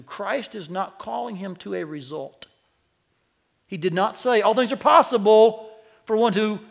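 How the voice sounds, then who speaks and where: A male pastor preaching a sermon to a church congregation, animated, his voice climbing as he quotes. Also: sits high, creaky. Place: church sanctuary.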